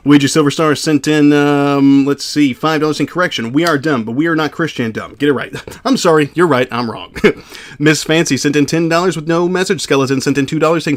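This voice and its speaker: A man's voice: fairly high pitch, steady tone, brisk. A young adult man reading out viewer donations on a livestream in a casual, blunt, profane way.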